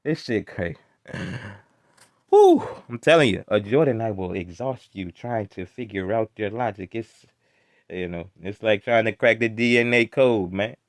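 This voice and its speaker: A man's voice: on the low side, moderate pace, no room sound, clean studio sound. A man hosting a reaction video, heckling and ranting in a casual, exasperated way.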